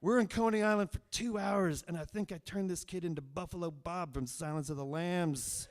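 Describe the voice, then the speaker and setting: A young man telling a funny story live on stage, swinging from hushed asides to loud, excited telling. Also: high voice, normal speed. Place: live stage before an audience.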